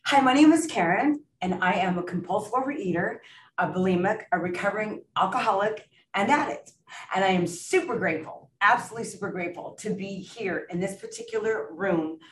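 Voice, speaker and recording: A woman's voice: mid-range voice, fairly bright tone, slight background noise. Brief: middle-aged woman, earnest and emotional testimony, far off in a roomy space. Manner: earnest, emotional, laughs often. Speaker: recovery meeting speaker. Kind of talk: personal testimony at a support meeting. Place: meeting room. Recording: echoey room, recorded from far off.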